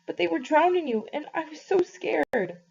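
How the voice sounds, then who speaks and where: A woman's voice: high-pitched, animated, normal speed, gravelly, a little mellow, slight background noise, voice pushed up. A woman reading as a frightened teenage boy. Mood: distraught. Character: scared, guilt-ridden teenage boy. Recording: slightly muffled, dull recording.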